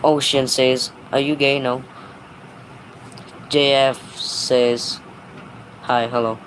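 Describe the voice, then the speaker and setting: A man hosting a livestream, reading out chat messages one by one and answering them briefly in a low-key way. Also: slight background noise, poor audio. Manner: flat, unhurried, low-key replies. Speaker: livestream host. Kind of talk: reading live chat aloud.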